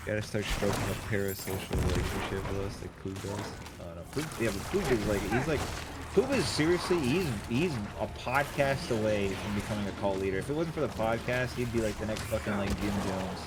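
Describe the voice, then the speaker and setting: A man's voice: lowish voice, a little fast. A man chatting bluntly while gaming, swearing freely. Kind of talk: casual chat while gaming. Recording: loud background noise.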